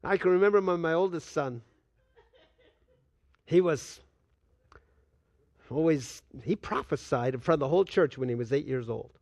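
An older man preaching a sermon as a pastor, swinging between loud and hushed delivery and acting out quoted dialogue. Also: a little high, moderate pace, long pauses, dry recording. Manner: acts out dialogue with God in quoted voices.

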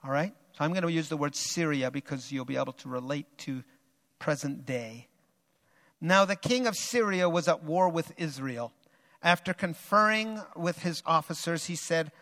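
A man preaching a sermon, reading a Bible story aloud with dramatic swings in loudness and pace. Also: on the high side, moderate pace, in a large hall.

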